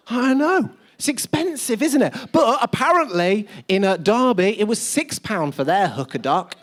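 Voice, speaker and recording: A man's voice: high-pitched, very animated, normal speed. A man preaching a sermon in a church. He talks in a loose, chatty way, pokes fun at himself and spins everyday stories for his congregation. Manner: chatty, self-deprecating storytelling. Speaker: pastor. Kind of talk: sermon with humorous anecdotes. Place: church service with live audience.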